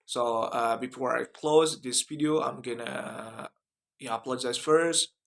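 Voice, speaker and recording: Slow, hesitant young man presenting. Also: medium pitch, gravelly. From Indonesia. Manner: hesitant, many fillers and restarts. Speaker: student presenter. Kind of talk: class video presentation.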